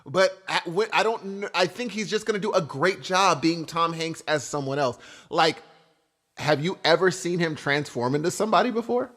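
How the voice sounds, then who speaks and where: A man co-hosting a podcast, giving opinions in animated casual banter. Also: a little high, normal speed. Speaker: podcast co-host. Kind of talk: casual chat.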